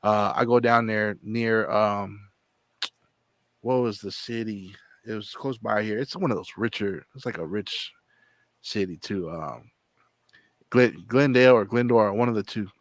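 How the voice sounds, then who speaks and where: A man tells a long, meandering story in casual chat, slipping into quoted lines as he goes. His voice sits on the low side, and it is recorded close and dry with no room sound around it. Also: unhurried, dry recording. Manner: rambling, repeats words and acts out quotes. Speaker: channel host.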